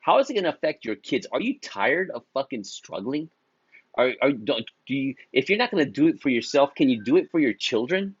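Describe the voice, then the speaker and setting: A man's voice: medium pitch, very animated, a little fast, breathy edge, no room sound, lo-fi sound. A man giving a blunt, profane motivational talk to beauty professionals, full of slang and restarts, laughing at his own jokes. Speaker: beauty business coach. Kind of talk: casual motivational talk to camera.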